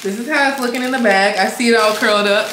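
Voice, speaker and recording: A young woman, chatting excitedly in a casual unboxing vlog and often breaking into laughter. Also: a little high, fast. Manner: excitable, laughing, squealing bursts. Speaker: beauty vlogger. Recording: echoey room with faint noise.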